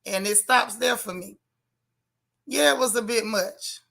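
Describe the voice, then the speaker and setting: A bright, forceful woman talks straight into her webcam on a casual livestream. She is blunt and sassy, and she reads viewer comments aloud as she goes. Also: fairly high pitch, unhurried, gravelly. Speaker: livestream host. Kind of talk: casual live chat reacting to a TV show.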